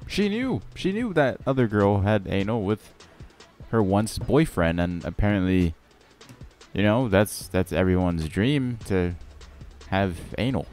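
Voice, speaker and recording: A man's voice: mid-range voice, a little mellow. Sarcastic young man ranting. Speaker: channel host. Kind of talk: storytelling over gameplay.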